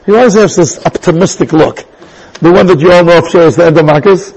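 A man teaching a Torah class in an animated way, restarting sentences and mixing in Hebrew terms. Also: fairly high pitch, quick pace, gravelly, husky, poor audio. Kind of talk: lively Torah lecture.

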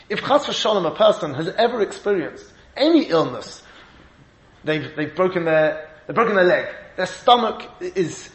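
A man giving a Torah lecture, emphatic and animated, laughing often and mixing in Hebrew and Yiddish terms. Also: high voice, reverberant, low-quality recording. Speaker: rabbi giving a shiur.

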